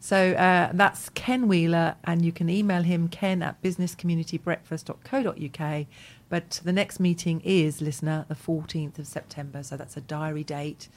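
Co-host: a woman with a lowish voice, chatty and giggly, reading messages out on air. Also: steady tone, normal speed, a little mellow. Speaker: radio co-host. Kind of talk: casual radio chat.

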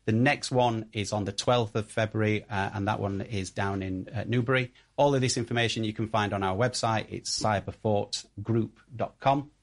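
A man's voice: fairly low pitch, fairly even intonation, moderate pace, hardly any pauses. A man with a Yorkshire accent, a radio guest talking about online security, speaking hesitantly with many fillers. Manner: hesitant, many ums and uhs. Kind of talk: radio interview.

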